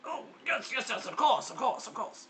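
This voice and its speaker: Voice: medium pitch, big pitch swings, moderate pace, a crowd in the background, pitched above the performer's own voice, close to an everyday voice, low-quality recording. A performer voicing a short, portly, jovial older duke who gushes and repeats himself. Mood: fussing. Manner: effusive, repeats words.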